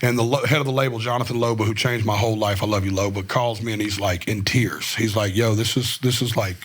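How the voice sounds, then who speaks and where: This Tennessee-born musician, sitting as a guest in a podcast studio, rambles candidly through his stories with plenty of slang and "like," recorded on a studio mic for a casual storytelling interview. He speaks fast in a lowish, fairly even voice with a slightly rough edge.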